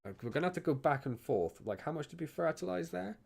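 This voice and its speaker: A man's voice: fairly high pitch, lively intonation, quick pace, creaky, a little mellow. A man live-streaming a farming game, chatting casually and teasing his chat with wry asides. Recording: game vehicle noise behind voice.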